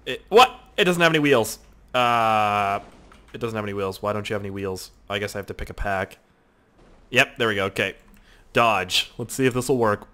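A young man giving casual gameplay commentary, excitable and mock-despairing, swearing at the crashes as he plays. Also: fairly low pitch, fairly quick. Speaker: gaming YouTuber.

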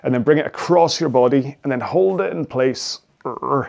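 A Scottish man in his forties talks viewers through cool-down stretches after a rowing workout. He is casual and chatty, wandering off into asides and poking fun at himself. His voice sits at an ordinary middle pitch. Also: moderate pace, vocal fry, a little mellow, dull audio. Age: 40s. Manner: chatty, self-deprecating, rambling asides. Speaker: indoor rowing coach.

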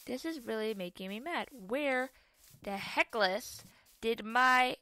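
Bright-voiced woman narrating her gameplay. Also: on the high side, slow pace, no echo. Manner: chatty, self-mocking, exclaims at the game. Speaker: gaming YouTuber. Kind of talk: casual gameplay commentary.

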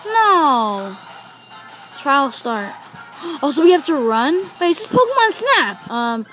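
A young woman giving let's-play commentary, excitable, gasping, swearing and shouting at the game. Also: high-pitched, slow, faint music behind, poor audio. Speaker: gaming YouTuber.

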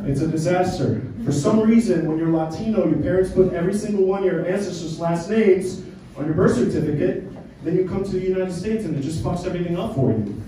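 A Colombian stand-up comedian in his twenties trades brash, profane banter with the crowd in a small black-box theater. His high voice is fast, with slight background noise, recorded from far off in an echoey room with a loud audience.

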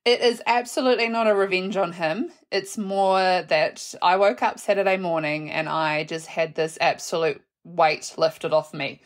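A young adult woman, hosting her own podcast and telling a personal story in a chatty, animated way, laughing and swearing casually. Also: on the low side, normal speed, few pauses. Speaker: podcast host.

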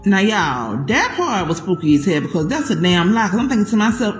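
A woman spinning a casual storytime, swearing freely and addressing her audience directly. Her pitch leaps around as she talks, and the voice bounces in an echoey room with soft music behind. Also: fairly quick, hardly any pauses. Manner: profane, animated, talks to viewers as "y'all".

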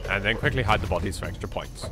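A British man giving chatty, excitable commentary while playing a video game. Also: on the low side, soft background music. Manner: excitable, chatty, quick to exclaim. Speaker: let's play host. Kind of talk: casual gameplay commentary.

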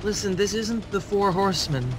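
A man's voice: sits high, normal speed, noisy background. A man co-hosting a let's play, trading sarcastic, argumentative banter. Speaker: co-host.

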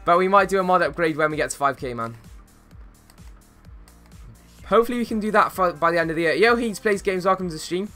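Talking at a racing pace, a young gaming streamer keeps up slangy, easygoing chatter with his chat while playing a football video game. His bright, forward voice is a bit high; he greets viewers and gets excited at plays, with faint music behind him.

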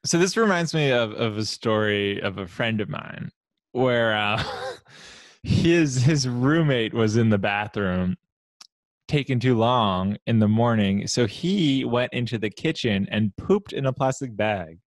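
Laid-back young man with a low voice. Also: expressive, a little slow, no echo. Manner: laid-back, storytelling, laughing. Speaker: podcast co-host. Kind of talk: casual chat.

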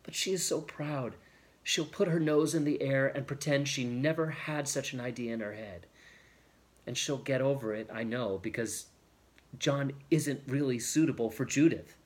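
A man's voice: medium pitch, moderate pace, lightly acted. A man reading aloud, voicing a young woman's anxious inner thoughts in a musing, fretful way.

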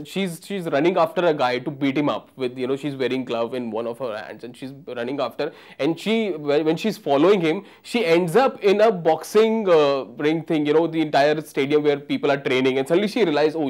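A man's voice: fairly high pitch, a little fast, hardly any pauses, darkish tone. A man with an Indian English accent, hosting a comic film review and joking as he switches between English and Hindi. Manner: jokey, mixes English and Hindi, acts out characters. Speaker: comedian film reviewer, show host.

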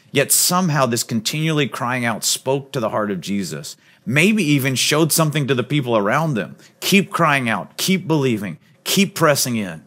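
A man preaching a sermon as pastor, earnest and emphatic, sometimes dropping to a soft, low voice. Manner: drops to a soft, low voice on key points.

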